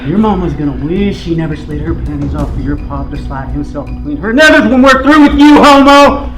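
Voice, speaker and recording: An actor playing a menacing, crude male thug who threatens and shouts insults. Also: fairly high pitch, fairly even intonation, fairly quick, echoey room, soft background music, lightly acted, low-quality recording.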